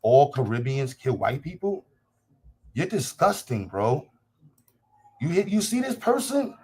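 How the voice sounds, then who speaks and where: A man's voice: fairly high pitch, sing-song, unhurried, long pauses, mellow, husky. A man hosts a casual livestream and talks straight to his chat. His delivery is blunt and combative, full of profanity. He keeps repeating phrases to drive his point home. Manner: repeats himself for emphasis. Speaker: livestream host.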